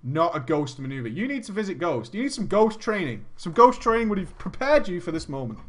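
A high-voiced man talks fairly quickly through a gaming story, punctuating it with jokes, mock outrage, free cursing, and laughs between lines. Expect big pitch swings and a tone that varies widely from phrase to phrase in this comic reading with commentary.

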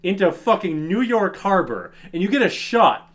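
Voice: medium pitch, sing-song, moderate pace, fairly bright tone. A podcast co-host recapping a movie in incredulous, swearing casual chat.

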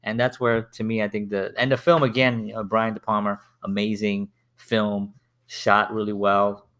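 A man's voice: lowish voice, little pitch movement, normal speed, fairly bright tone. A man in casual conversation, rambling and restarting, with lots of repeated words. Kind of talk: casual chat.

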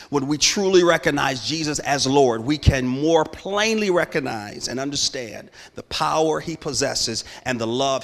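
Impassioned preacher man in a reverberant church. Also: medium pitch. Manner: impassioned, building to loud declarations. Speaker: guest preacher. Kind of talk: sermon. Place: church sanctuary. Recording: long hall reverb.

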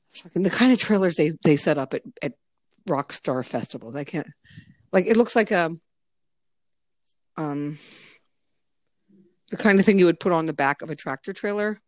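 A woman's voice: sits low, no echo, clean studio sound. A middle-aged American woman chatting casually on a podcast, telling stories with frequent laughs and offhand swearing. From United States. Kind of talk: casual chat, telling anecdotes.

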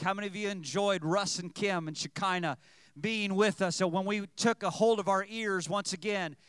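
A man's voice: sits high, fairly bright tone, smooth, no echo. A man preaching a sermon, reading scripture aloud and calling out to his congregation. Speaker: pastor.

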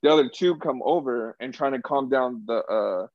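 A man's voice: medium pitch, normal speed, no echo. Young guy ranting a funny story, cussing lots, doing the voices, kinda muffled dry recording. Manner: animated, profane, acts out quotes loudly. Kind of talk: casual chat, storytelling. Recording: dull lo-fi sound.

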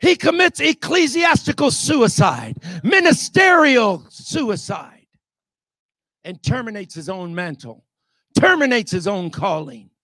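A man preaching a sermon, emphatic and often shouting, calling out rhetorical questions to the congregation. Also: extremely high pitch, sing-song, a little slow, no echo, clean studio sound.

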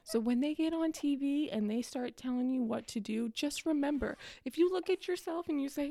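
A young woman rants with sarcastic exasperation, her voice fairly high yet mellow, with a gravelly fry running through it. The sound is close and dry, with no room around it. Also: moderate pace, dry recording. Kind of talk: casual ranting monologue.

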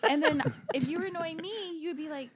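A woman's voice: very high voice, fairly quick, crowd noise. A woman co-hosting a podcast, chatting in a bubbly, affectionate way. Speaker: podcast co-host. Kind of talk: casual podcast chat.

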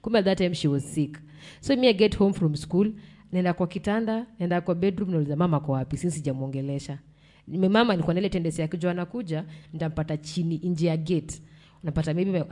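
A young woman with a Kenyan accent speaks low and mellow. She tells a painful family story in blunt, slangy talk and sounds close to tears. Her voice stays dark and soft. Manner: mixes English and Swahili slang, blunt, swears. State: emotional, near tears. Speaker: podcast guest. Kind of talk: emotional personal storytelling.

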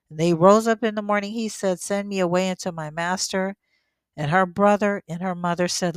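A woman reading scripture aloud at a steady pace and breaking in now and then with emotional asides of her own. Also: lowish voice, clear, resonant tone, no room sound. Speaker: scripture teacher.

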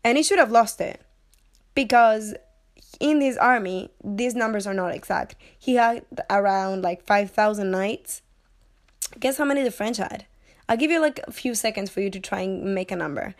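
A woman's voice: medium pitch, moderate pace. Young woman, casual film-review vlogger, under the weather and a little breathless; chatty and digressive, playful, swears casually. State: sick, short of breath, coughing. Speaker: movie reviewer.

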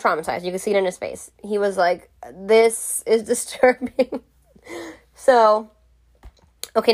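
A woman vlogger telling a story to camera in a casual way. She is frank, jokey and swears freely. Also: medium pitch.

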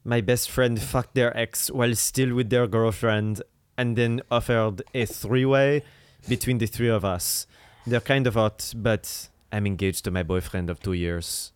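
A man's voice: fairly low pitch, fairly even intonation, unhurried, clear, resonant tone, no room sound, pitched below the performer's own voice, close to an everyday voice. A man reading a listener letter in a put-on French accent, voicing a torn letter writer.

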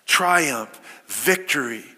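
A man's voice: on the high side, animated, extremely slow, bright, forceful tone, slightly rough, big-room sound. A man preaching a sermon, quoting scripture and asking his listeners rhetorical questions with emphasis.

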